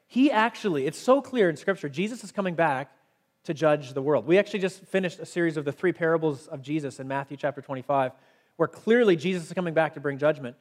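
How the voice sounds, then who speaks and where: Earnest man preaching a sermon. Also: fairly high pitch. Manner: earnest, conversational, reads scripture aloud. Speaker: pastor.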